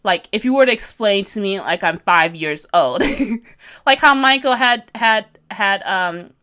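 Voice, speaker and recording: A woman's voice: mid-range voice, animated, unhurried, pushed and bright, smooth. A woman in her thirties, a webcomic artist on a casual livestream, chatting bubbly and giggly, rambling and joking about herself while reading viewer comments. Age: 30s. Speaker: webcomic artist streaming a tutorial.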